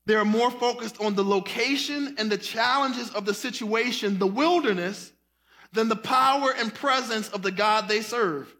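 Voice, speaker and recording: Bright, high-voiced preaching man. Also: moderate pace. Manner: animated preaching, breaks into singing and shouting; folksy, calls the congregation y'all. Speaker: pastor. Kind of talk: sermon.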